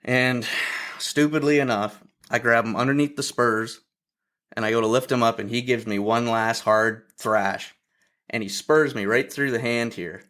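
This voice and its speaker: A man's voice: mid-range voice, moderate pace. Man from Ontario telling hunting stories. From Ontario, Canada. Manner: lively storyteller who acts out other people's quotes. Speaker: podcast guest. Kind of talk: casual hunting storytelling.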